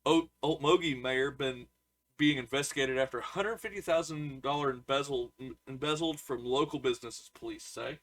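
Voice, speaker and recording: A man's voice: mid-range voice, normal speed, a bit bright. A man co-hosting a podcast, goofy and casual, stumbling as he reads joke news. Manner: goofy, stumbles over reading. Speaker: podcast co-host. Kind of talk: casual banter, reading news jokes.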